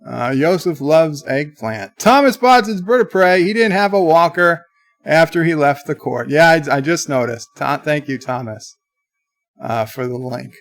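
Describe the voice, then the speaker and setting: A man hosting a livestream, reading viewer chat comments aloud in a chatty, halting way. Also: on the high side, expressive, faint music behind. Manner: chatty, halting, with many restarts. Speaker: livestream host.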